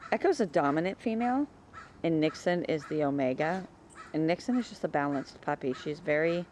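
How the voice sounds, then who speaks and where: A woman talking casually about her dogs in her yard, chatting away and calling to them in a high sing-song. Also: darkish tone, a little hiss or hum. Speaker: dog breeder. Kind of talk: casual home video narration.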